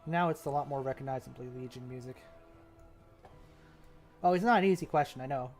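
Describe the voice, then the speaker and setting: A man's voice: medium pitch, brisk, a little mellow, faint music behind. A young man chatting casually as he streams, rambling and laughing often. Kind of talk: casual chat while mapping.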